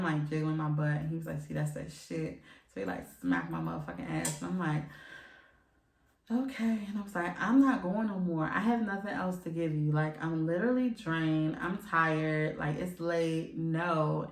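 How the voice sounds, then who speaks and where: Animated woman telling a story, echoey room. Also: lowish voice, creaky, recorded from a distance. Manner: candid, animated storytelling with bursts of laughter. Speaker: podcast host. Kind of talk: explicit storytelling to listeners.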